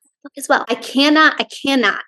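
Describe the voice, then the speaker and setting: A woman's voice: sits high, brisk, sharp tone. A young woman giving a casual, enthusiastic book review, chatty and full of fillers.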